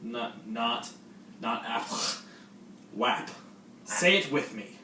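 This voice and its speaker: A young man playing a pompous know-it-all high school senior, loud and patronizing. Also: lively intonation, slow pace. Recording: roomy, distant mic, faint noise.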